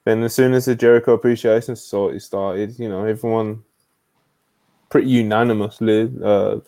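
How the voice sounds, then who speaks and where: A man's voice: lowish voice, fairly even intonation, normal speed, warm tone, no echo. A man hosting a casual wrestling podcast, talking loosely with lots of filler words and reading out viewer messages over a video call. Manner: laid-back, trailing filler words, reads out super chats. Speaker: podcast host.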